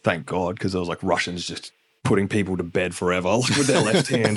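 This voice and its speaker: Deep-voiced Australian man telling stories. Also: quick pace. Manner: blunt, swearing, laughing storyteller. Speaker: guest. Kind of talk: casual interview chat.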